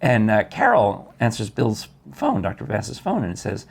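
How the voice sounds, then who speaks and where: A man's voice: fairly low pitch, wildly swooping pitch, normal speed, creaky, breathy edge. A man hosting a casual talk show, telling stories in a chatty, enthusiastic way with many restarts. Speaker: host. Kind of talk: casual chat.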